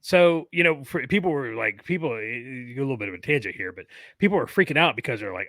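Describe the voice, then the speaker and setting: Man, bright tense voice, dry close sound, podcast co-host, chatty, tangents. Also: medium pitch, animated, fast talker, hardly any pauses, dry recording. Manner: chatty, goes off on tangents with many fillers. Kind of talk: casual chat.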